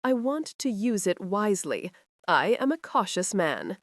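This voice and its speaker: A woman's voice: mid-range voice, sing-song, unhurried, no room sound, studio quality. A woman voicing a cowardly, fawning knight who keeps making excuses. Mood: evasive. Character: evasive cowardly middle-aged male steward knight.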